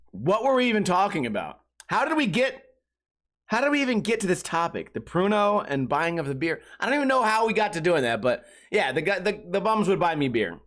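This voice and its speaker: A man in his thirties with a somewhat high voice hosts a loose comedy podcast. He rambles crudely and swears freely, stringing his thoughts together with constant filler words. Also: a bit bright. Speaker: podcast host. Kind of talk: casual comedic podcast monologue.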